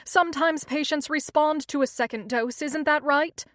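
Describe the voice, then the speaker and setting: A woman's voice: high voice, normal speed, no room sound, studio quality, pitched above the performer's own voice. A woman voicing a commanding woman doctor. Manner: urgent, forceful orders.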